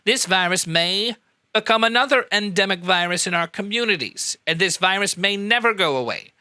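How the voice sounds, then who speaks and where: A man hosting a satirical news show, delivering a sarcastic, mock-outraged monologue with sudden jumps up in pitch. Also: expressive, moderate pace, bright, forceful tone, smooth, dry recording. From US Midwest.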